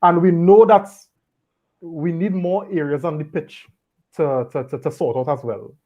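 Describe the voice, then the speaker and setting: A man hosting a casual football chat, relaxed and repeating words as he thinks. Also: a little high, a little slow. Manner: relaxed, repeats words while gathering thoughts. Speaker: podcast host. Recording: dull lo-fi audio.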